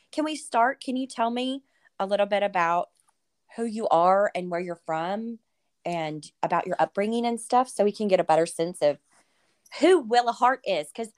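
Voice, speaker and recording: Woman, podcast host, excitable, rambling, mid pitch, dry close mic. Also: moderate pace, no echo. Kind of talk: casual interview chat.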